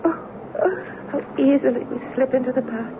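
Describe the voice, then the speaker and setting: A woman's voice: high voice, moderate pace, vocal fry. An actress playing a teasing French wife in her fifties with a French accent, once a wartime resistance fighter, in 1970s radio drama acting. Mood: affectionate. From France. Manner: teasing, affectionate. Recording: tinny hissy old radio broadcast.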